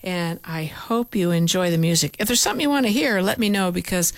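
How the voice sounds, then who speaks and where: A woman's voice: fairly low pitch, brisk, dry recording. Easygoing woman DJ on a dry studio mic. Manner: relaxed, easygoing, chatty. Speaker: radio DJ. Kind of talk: casual radio chat. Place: radio station studio.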